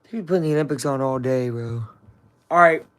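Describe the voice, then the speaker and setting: A young American man with a medium-pitched, brisk and fairly bright voice rambles loosely while reacting to a broadcast. It's casual live-stream commentary, full of jokes and slang, and he keeps calling people "bro."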